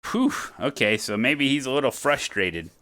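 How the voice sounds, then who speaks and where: Bright-voiced excitable streamer guy. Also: mid-range voice, moderate pace, slight background noise. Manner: excitable, jokey, thinks aloud. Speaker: streamer playing a detective game. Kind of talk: casual live-stream chat.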